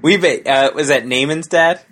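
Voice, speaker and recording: A man's voice: on the high side, normal speed, fairly bright tone. A man co-hosting a comedy podcast, telling rambling anecdotes full of restarts and asides. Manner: rambling storyteller, many restarts. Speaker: podcast co-host. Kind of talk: casual comedic chat.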